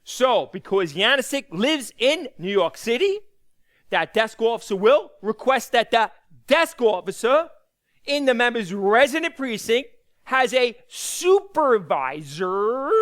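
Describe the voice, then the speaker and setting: A man's voice: very high voice, sing-song, measured pace, a bit bright. A man teaching a lecture, talking conversationally, asking the class rhetorical questions and repeating key points for emphasis. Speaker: instructor.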